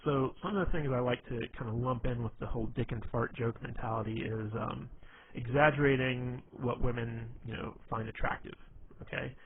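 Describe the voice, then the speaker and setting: A man's voice: medium pitch, steady tone, moderate pace. A man giving casual dating advice in a rambling way, full of fillers and restarts. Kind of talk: casual instructional talk. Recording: tinny phone-like audio with faint noise.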